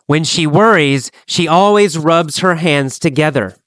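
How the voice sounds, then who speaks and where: A man teaching an English lesson, speaking slowly and deliberately and repeating phrases for learners to copy. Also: a little high, fairly bright tone, dry recording. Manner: slow, deliberate, repetitive drilling.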